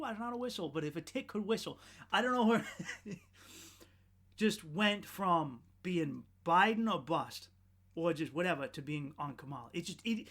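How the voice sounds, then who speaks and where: A man's voice: high voice, lively intonation, moderate pace. Sardonic, rambling male podcast host. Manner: sardonic, profane and rambling, with frequent restarts. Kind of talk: comedic podcast rant.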